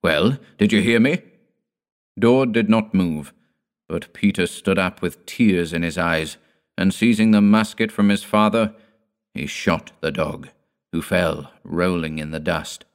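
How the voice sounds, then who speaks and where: A man narrating an audiobook in a measured, grave storytelling manner. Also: deep voice, smooth.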